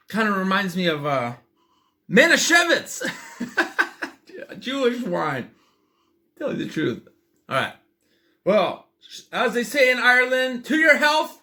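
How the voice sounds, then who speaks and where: High-ish, gravelly and bright, this man's voice has a forceful edge. He is a drink-tasting vlogger who talks casually and eagerly, wandering off on tangents and using lots of fillers.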